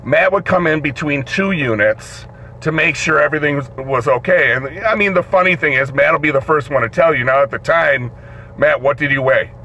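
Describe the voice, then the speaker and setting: A man hosting a live show, telling a story in an animated way, swearing and acting out the voices in it. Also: fairly high pitch, normal speed. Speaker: host. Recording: dull lo-fi stream audio with faint noise.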